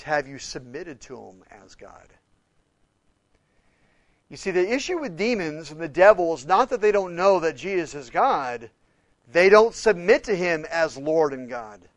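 Emphatic, fairly high-voiced male preacher. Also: no room sound. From Oklahoma, USA. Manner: animated and emphatic, questions his listeners directly and gets loud on key points; informal, with fillers and restarts. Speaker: pastor or Bible teacher. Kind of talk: sermon, conversational Bible teaching.

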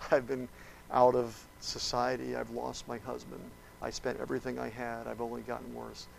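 A man preaching, speaking the part of a desperate sick woman in a hushed, earnest voice. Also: mid-range voice, monotone, moderate pace, vocal fry, noisy background.

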